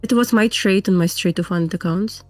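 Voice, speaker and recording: A woman from Belarus speaks with a clear Russian accent, telling her trading story in plain, earnest English. Her mid-range voice comes over a video call in a dry, dead-sounding space. Faint music runs underneath. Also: mid-range voice, normal speed, no echo. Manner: earnest, plain-spoken non-native English with frequent laughs. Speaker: guest trader. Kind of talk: casual interview chat.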